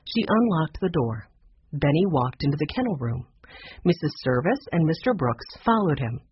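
A man narrating a children's chapter book in a lively, expressive reading with a husky voice. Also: on the high side, normal speed, lo-fi sound, a little hiss or hum. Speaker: audiobook narrator.

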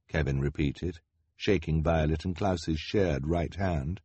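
A man narrating an audiobook in a wry, expressive way. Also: a bass voice, takes it slowly, breathy edge, no room sound.

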